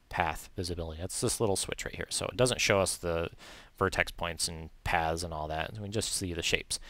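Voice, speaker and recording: Low, bright-toned man teaching software. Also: no room sound. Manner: relaxed, chatty, self-correcting with light asides. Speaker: software tutorial instructor. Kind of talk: screen-recorded software tutorial.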